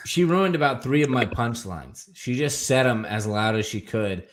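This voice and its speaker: A man's voice: medium pitch, moderate pace, slight background noise. A man co-hosting a comedy chat show, telling stories with lots of laughter. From Phoenix area. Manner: animated storytelling, laughs often. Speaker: comedian co-host.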